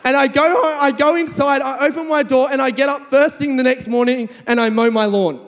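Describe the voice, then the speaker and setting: A man preaching a sermon, telling a funny personal story with lively sound effects. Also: very high-pitched, normal speed, in a large hall.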